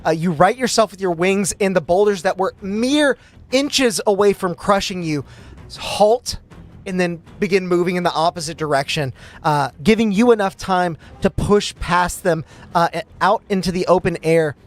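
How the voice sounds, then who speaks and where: Man narrating as dungeon master. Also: high voice. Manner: slow, deliberate scene narration with frequent "uh" fillers. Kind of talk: narrating a tabletop game.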